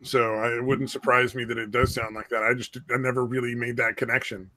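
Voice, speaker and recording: A man chatting on a podcast at an average pitch, rambling and often restarting his sentences. He swears freely, and his voice is recorded close and dry, with no room sound at all. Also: flat delivery, fairly quick, pushed and bright, dry recording. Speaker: podcast co-host. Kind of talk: casual chat.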